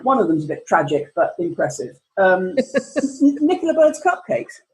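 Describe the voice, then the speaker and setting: A woman in her fifties co-hosting a podcast in casual chat, chatty and quick with asides, laughing often. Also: mid-range voice, very animated, rough recording. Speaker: podcast co-host.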